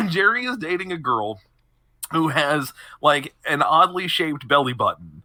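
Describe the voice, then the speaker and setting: A man's voice: fairly high pitch, sing-song, measured pace, pushed and bright, no room sound. A young man on a podcast, animatedly retelling TV episodes and laughing often mid-sentence. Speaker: podcast co-host. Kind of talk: casual chat, recapping TV episodes.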